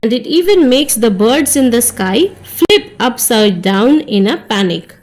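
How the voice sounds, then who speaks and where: A woman teacher with a fairly high voice reads a poem aloud line by line and then talks through its meaning. She often repeats herself, putting each image into plain words for her class. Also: a little mellow. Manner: reads poem lines then explains, restates in simple words. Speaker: English teacher.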